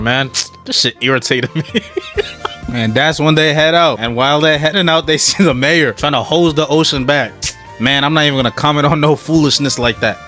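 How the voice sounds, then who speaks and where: A young man recapping a cartoon episode for laughs, animated and slangy with mocking asides. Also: on the high side. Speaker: show recap commentator.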